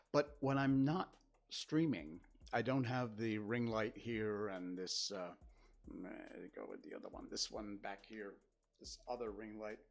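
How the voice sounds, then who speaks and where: An older man chatting casually on a livestream from his home studio, rambling and dryly sarcastic as he reads his chat. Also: on the low side. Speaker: livestream host. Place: spare-bedroom streaming studio. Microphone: desk setup facing a webcam.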